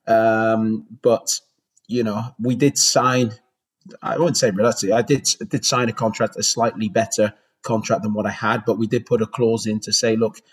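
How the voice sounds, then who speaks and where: A man's voice: fairly low pitch, little pitch movement, normal speed, slightly rough, rough recording. A man in his forties with a Bristol accent, a former goalkeeper telling stories in a rambling interview, with many restarts. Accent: Bristol English. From Bristol, England. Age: 40s. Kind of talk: casual interview storytelling.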